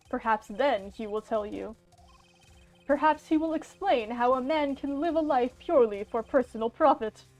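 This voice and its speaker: A woman's voice: sits high, a little mellow, heavily acted. A woman doing Redd White, pompous villain. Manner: pompous, grandiose. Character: smug scheming male corporate villain. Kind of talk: amateur game voice acting.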